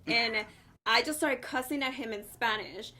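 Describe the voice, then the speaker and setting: A woman chatting as a podcast guest, telling stories in a lively, laughing way and swearing freely. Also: a little high, moderate pace. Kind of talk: casual chat.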